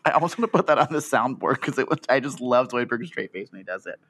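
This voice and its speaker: A male podcast co-host chatting casually about a cartoon episode. He laughs often and rambles, trailing into fillers as he hunts for words. His voice sits at a middle pitch. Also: expressive, quick pace, fairly bright tone, a little hiss or hum. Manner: giggly, rambling, many fillers. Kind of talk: casual chat.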